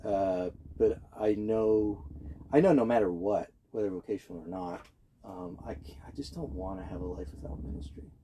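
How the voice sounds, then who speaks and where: A man's voice: fairly low pitch, normal speed, dark tone, a little hiss or hum. A young man in casual conversation, speaking earnestly and hesitantly, often restarting his sentences. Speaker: guest. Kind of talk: casual chat.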